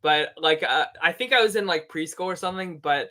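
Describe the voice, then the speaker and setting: A man in his thirties with a bright, forward voice talks casually on a podcast. He rambles easily through his stories and laughs at himself along the way. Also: a little high, brisk. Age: 30s. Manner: easygoing, rambling storyteller who laughs at himself. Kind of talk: casual chat.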